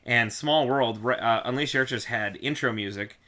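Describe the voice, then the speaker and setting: Bright-voiced man telling animated stories. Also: medium pitch, normal speed. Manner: animated storyteller, shouts in re-enactments. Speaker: podcast host. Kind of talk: casual chat.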